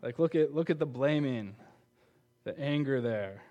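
A man's voice: mid-range voice, lively intonation, measured pace, mellow, lo-fi sound. A man preaching a conversational sermon, often repeating words and putting questions to his listeners. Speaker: preacher on a church teaching team.

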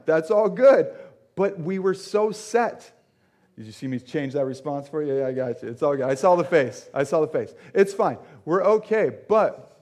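A man's voice: fairly high pitch, darkish tone. A young man giving a conversational sermon as a pastor, joking with the congregation and using lots of fillers. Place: church sanctuary.

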